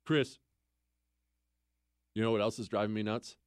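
A middle-aged man hosting a talk radio show, reading listener mail and ranting emphatically, jumping from loud exclamations to low mutters. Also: fairly even intonation, unhurried, clean tone, no room sound, clean studio sound.

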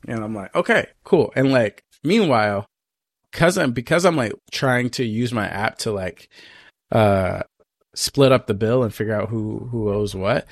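Podcast co-host, man, casual storyteller, dry close mic, lively swings in pitch. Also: unhurried, no room sound. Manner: animated, acts out both sides of a story.

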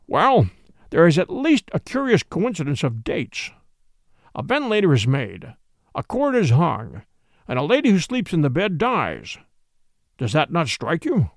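A man voicing a brilliant, calm male detective who explains things in a measured way. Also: fairly high pitch, dry recording, clean studio sound, heavily acted. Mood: grave, explaining.

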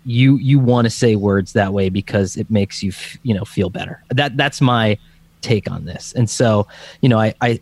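A man's voice: medium pitch, a little mellow. A man from the Scranton area of Pennsylvania, co-hosting a podcast in a rambling, casual way with many restarts. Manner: rambling, full of restarts and fillers. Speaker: podcast co-host.

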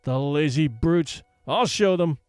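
A man's voice: sits high, very animated, normal speed, no echo, clean studio sound, soft background music. A man voicing a harsh, sneering young man who drives dogs with a whip, with a curt, short-tempered manner. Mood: angry. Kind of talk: audiobook character voice.

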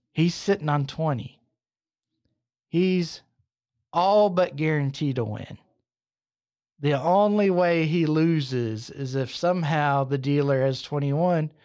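A man hosting a podcast, telling a long drawn-out joke with playful asides and speaking affectionately to his listeners. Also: fairly high pitch, darkish tone. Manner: affectionate, theatrical farewell to listeners. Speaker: podcast host. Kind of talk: casual storytelling and sign-off.

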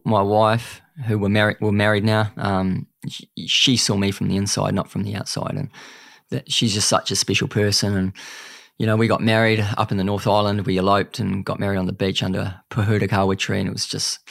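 Kiwi male guest, lowish gravelly voice, dry close mic, earnest and chatty. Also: level tone, normal speed, a bit bright, no room sound. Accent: New Zealand. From New Zealand. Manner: earnest, chatty, calls the host mate. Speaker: podcast guest. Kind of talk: candid storytelling interview.

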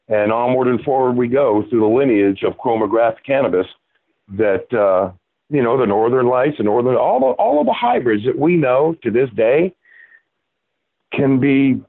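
A man's voice: mid-range voice, slightly rough, dry recording. A man in his sixties from Florida, a guest telling a rambling story with many fillers and restarts. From Florida, USA. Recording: tinny phone-like line.

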